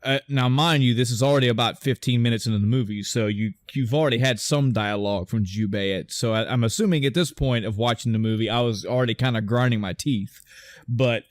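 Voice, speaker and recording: A man's voice: medium pitch, brisk, dry recording. Rambling casual man on a podcast. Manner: rambling, restarts often, acts out movie lines. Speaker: podcast host. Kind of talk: casual chat.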